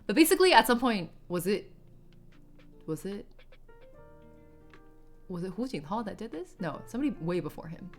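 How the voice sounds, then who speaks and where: A woman's voice: medium pitch, very animated, normal speed, long pauses, faint music behind. A woman streamer chatting casually on a livestream, rambling with lots of filler words and reading viewer chat aloud, sometimes in Mandarin.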